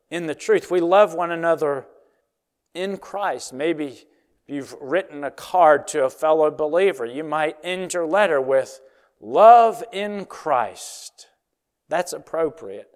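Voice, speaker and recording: Male preacher, fairly high voice, earnest and emphatic, long reverb of a large hall. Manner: earnest, emphatic, slows on key phrases. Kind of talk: expository sermon.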